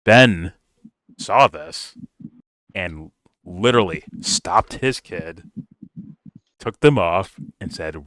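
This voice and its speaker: A man's voice: deep voice, expressive, drawn-out words, pauses often, a bit bright, no echo. A man giving a casual review, talking bluntly and swearing freely. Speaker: film reviewer. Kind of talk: casual commentary rant.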